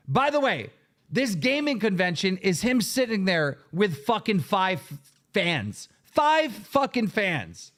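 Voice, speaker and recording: A man hosting a show, ranting angrily with heavy swearing and sudden shouted bursts. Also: high-pitched, very animated, slow. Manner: profane, heated, bursts into shouting. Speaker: show host. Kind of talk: angry livestream rant.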